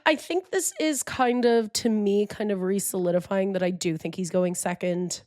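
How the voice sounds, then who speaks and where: A young woman co-hosting a comedy podcast, joking and trailing off mid-thought. Her voice is mid-pitched and recorded dry, with no room echo. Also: normal speed, darkish tone. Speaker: podcast co-host. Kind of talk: casual comedy podcast chat.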